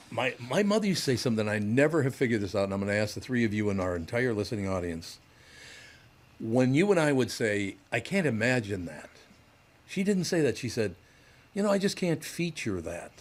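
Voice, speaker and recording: A man's voice: on the low side, lively intonation, fairly quick. A man hosting a podcast in casual studio chat, blunt and joking, swearing offhandedly. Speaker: podcast host.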